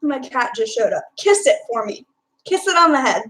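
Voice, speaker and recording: Chatty high-voiced young woman streamer. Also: sing-song, normal speed, fairly bright tone, low-quality recording. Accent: Texan. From Texas. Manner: chatty, reads and answers chat, filler-heavy. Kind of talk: casual live-stream chat.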